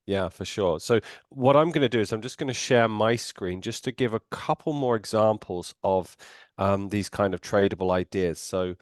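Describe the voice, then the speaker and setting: This man hosts a casual training chat and keeps his replies short and encouraging. His voice is low, and the recording sounds dry and close. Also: normal speed, no echo. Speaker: host of a negotiation training session.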